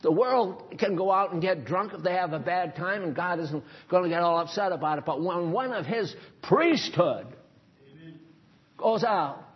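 A man delivers a sermon in a fairly high, husky voice. He talks emphatically and sternly, breaking into casual asides. The recording sounds dull and lo-fi. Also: lively intonation, normal speed. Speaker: preacher.

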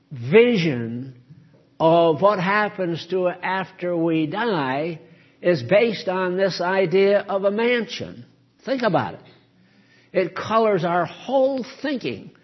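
A man's voice: high-pitched, highs cut off. A man teaching a Bible study sermon, earnest and explaining, leaning hard on key words.

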